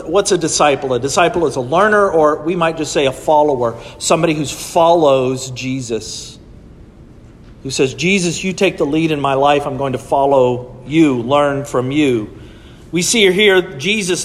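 A man's voice: fairly high pitch, big-room sound, a little hiss or hum. A man preaching a sermon to his church in a conversational way, often checking in with his listeners. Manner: conversational preaching with frequent "right?" asides. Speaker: pastor. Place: church sanctuary.

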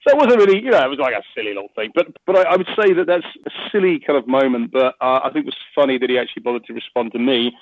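A man's voice: mid-range voice, animated, rapid-fire, few pauses, dry recording. A man talking as a podcast guest in casual, rambling chat, cursing freely and laughing often. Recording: tinny phone line, dry.

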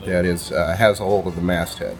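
A man narrating a tabletop game as game master, halting, with many ums and uhs. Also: sits low, level tone, over music.

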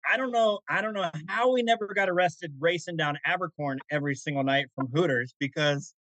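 A man's voice: on the high side, fairly quick, a bit bright, no room sound, poor audio. A man on a podcast, telling rambling stories in casual chat and often restarting his sentences. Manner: rambling, self-correcting storyteller. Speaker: podcast co-host.

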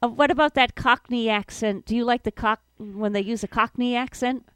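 A woman's voice: a little high, steady tone, a bit bright, clear, resonant tone, no echo. Woman radio co-host in a dry studio. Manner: friendly, quick to agree. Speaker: radio co-host and news reader. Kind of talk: casual chat and news reading.

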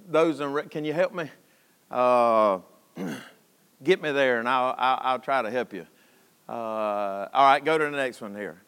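A man preaching a sermon in a church, folksy and impassioned, swinging from shouts to hushed tones. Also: medium pitch, smooth. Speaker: pastor. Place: church sanctuary. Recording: long hall reverb.

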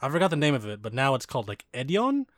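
A young man in casual conversation, telling a story in an animated way, laughing often and acting out the people he quotes. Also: medium pitch, fast talker, no echo, clean studio sound.

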